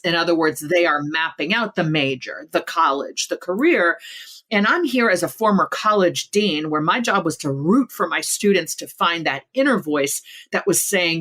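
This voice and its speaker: A woman's voice: fairly low pitch, lively intonation, normal speed, a bit bright. A middle-aged woman speaking as a guest author in a podcast interview, in an earnest, emphatic way that builds points in lists.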